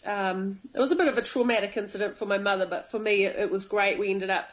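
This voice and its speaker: A woman with a New Zealand accent, a guest on a radio show, chatting in a relaxed way with many ums. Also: medium pitch, fast talker, highs cut off. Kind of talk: phone-in interview.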